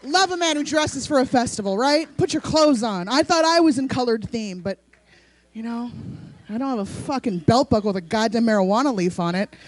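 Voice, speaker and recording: A woman's voice: on the high side, brisk, no room sound. A woman from San Francisco doing a brash, profane stand-up set at an outdoor festival stage. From San Francisco, USA. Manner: brash, profane, animated storytelling. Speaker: stand-up comedian.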